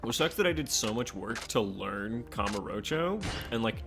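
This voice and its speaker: A man's voice: medium pitch, lively intonation, normal speed, gravelly, fairly bright tone, soft background music. A man playing a video game on stream, joking and swearing casually as he plays. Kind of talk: casual gaming chat.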